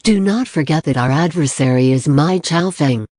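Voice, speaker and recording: A man's voice: on the high side, normal speed, darkish tone, dry recording, studio quality, close to an everyday voice. A narrator doing a brooding, sighing man. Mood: grave. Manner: heavy, sighing delivery. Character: brooding grave man, one of six sworn brothers.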